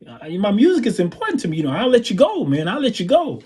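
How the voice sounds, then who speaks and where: A man impersonating a fussy, flamboyant older male rock-and-roll bandleader, with high exclamations and a drawl. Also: huge pitch swings, fast, darkish tone, breathy edge, heavily acted. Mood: fussing.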